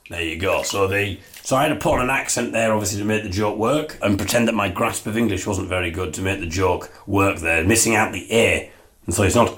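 Brief: low-voiced male podcast host, dry and self-deprecating, joking from the bath. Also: fairly quick. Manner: deadpan, self-mocking. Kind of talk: comic monologue.

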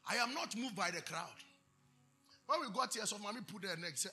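A man with a Ghanaian English accent preaching a sermon, moving between chanted shouted declarations and quiet storytelling. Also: high voice, expressive, fast, breathy edge, soft background music.

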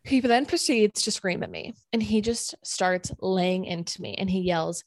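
A woman's voice: mid-range voice, normal speed, no echo. Chatty woman telling a story, dry sound. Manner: animated, filler-heavy retelling with many "like"s. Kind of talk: casual storytelling chat.

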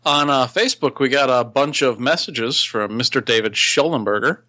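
A man's voice: mid-range voice, normal speed, sharp tone, no room sound. A man co-hosting a casual podcast, easygoing and dry. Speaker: podcast co-host.

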